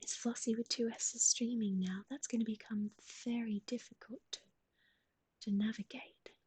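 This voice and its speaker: A woman hosting a pet livestream in a whispered voice, cooing soft baby talk to her animal while chatting with viewers. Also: on the high side, fairly even intonation, moderate pace. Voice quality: breathy whisper. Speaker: livestream host.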